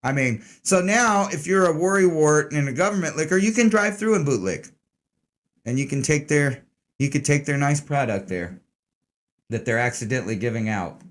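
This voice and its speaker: A man's voice: fairly high pitch, expressive, moderate pace. A man hosting an online news commentary stream, talking casually, sarcastic, rambling and full of swearing.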